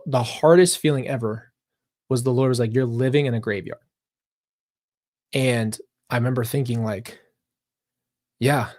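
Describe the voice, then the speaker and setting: Hosting a live reaction stream, an earnest man speaks directly to his audience and wanders off into lengthy, reflective tangents. His voice is a typical male pitch, slightly mellow, captured close and dry without any room echo.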